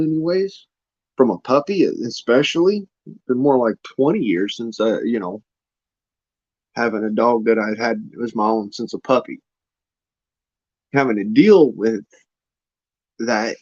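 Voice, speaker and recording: A man's voice: medium pitch, dry recording. Profane, folksy man with a muffled sound. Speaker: vlogger. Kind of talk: casual rambling monologue.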